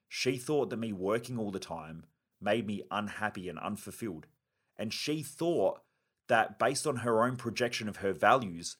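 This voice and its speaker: A man's voice: on the low side, fairly bright tone. Blunt, driven podcast host man. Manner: blunt, driven and emphatic, with casual swearing. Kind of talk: motivational self-help monologue.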